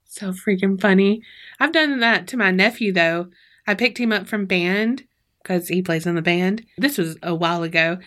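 A woman's voice: medium pitch, normal speed, a bit bright. A woman co-hosting a podcast in casual chat, rambling, giggly and swearing freely. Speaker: podcast co-host.

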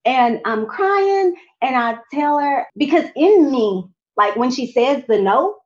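Woman, higher voice, animated, faith testimony, talks to the crowd, slightly muffled recording. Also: slow pace. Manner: animated, addresses audience directly. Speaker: speaker sharing a testimony. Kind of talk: personal faith testimony storytelling.

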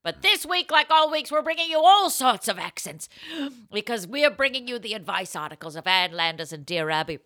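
A woman with a slightly high voice, talking at a normal speed, co-hosts a comedy podcast. Between jokes she does ad reads in an animated, playful style with showy announcer-like bursts. The studio sound is clean, with no echo.

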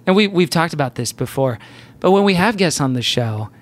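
A man's voice: fairly high pitch, lively intonation, a little fast. A man co-hosting a podcast in casual chat, playful and rambling, with lots of fillers. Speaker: podcast co-host.

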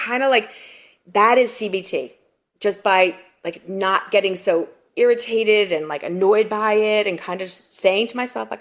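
A middle-aged woman speaks as a guest on an interview podcast. She tells her stories with lively energy and acts out the quotes, and "like" keeps turning up in her speech. Her pitch sits in the middle of the usual range for a woman. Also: normal speed. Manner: animated storyteller, acts out quotes, frequent "like". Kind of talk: conversational interview.

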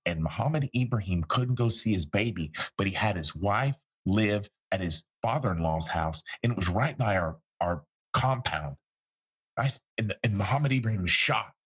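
A man's voice: on the low side, animated, moderate pace, a bit bright, husky. A man, a former interrogator, telling a story in an interview and acting out the quoted dialogue.

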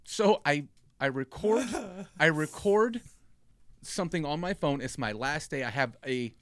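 With no room sound and studio-quality audio, a man in his thirties speaks in a fairly high, unhurried voice. As a comedy podcast storyteller, he tells a long comic tale in casual chat, animatedly acting out quotes.

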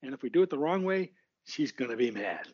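A man's voice: mid-range voice, sing-song, fairly quick, darkish tone, husky, no room sound. A man from Alaska, a garden columnist, talking in a rambling, emphatic way and repeating his points as a podcast guest. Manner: rambling, emphatic, repeats phrases, laughs at own jokes. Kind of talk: casual podcast interview. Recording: dull lo-fi audio.

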